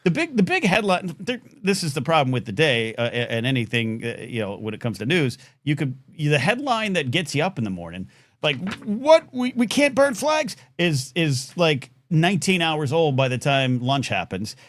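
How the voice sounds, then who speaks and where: Talking at a moderate pace, the host of a live call-in show keeps the chat casual and lively. His voice often bounces up into playful highs amid frequent restarts, with no room sound in the recording.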